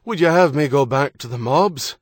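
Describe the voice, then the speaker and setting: A man voicing an angry, worn-out sailor, shouting defiantly across the water in an Irish accent. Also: fairly high pitch, moderate pace, breathy edge, no echo, studio quality, pitched above the performer's own voice.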